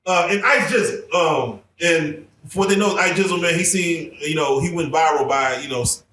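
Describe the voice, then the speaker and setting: A man hosting a casual interview podcast, excitable and quick to cut in with "wait, hold on.". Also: fairly high pitch, a little hiss or hum. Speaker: podcast host. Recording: roomy echo, distant from mic.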